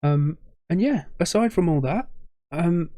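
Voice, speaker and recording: Young man, reaction host, emotional, shaky voice, rambling, stumbling over words, mellow tone, dry close sound. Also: fairly high pitch, expressive, unhurried, no echo. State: choked up, voice shaking. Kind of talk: casual reaction commentary.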